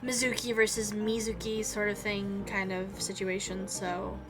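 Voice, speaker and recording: A woman's voice: medium pitch, little pitch movement, moderate pace, over music. A young woman streamer chatting casually while gaming, rambling with lots of fillers.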